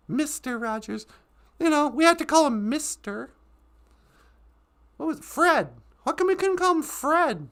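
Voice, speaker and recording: A woman's voice: high-pitched, expressive, moderate pace, fairly bright tone. Playful giggly woman live-streaming. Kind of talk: casual comedic chat.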